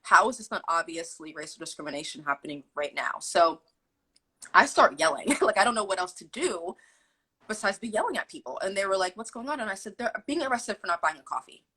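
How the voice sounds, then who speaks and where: A young adult woman telling a personal story in an interview, animated and quoting people as she goes. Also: medium pitch, fairly quick, breathy edge, poor audio. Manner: animated, acts out quotes with fillers like "like". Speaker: guest telling her story. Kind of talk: candid storytelling.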